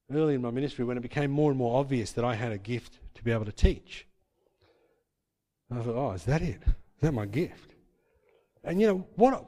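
Pastor preaching in a reverberant hall. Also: male voice, mid-range voice, a little mellow. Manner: emphatic, repeats points, tag questions. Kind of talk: sermon.

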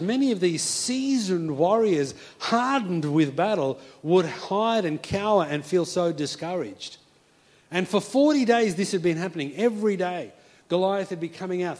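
Young adult man, preacher, high voiced, lively, casual storytelling sermon.

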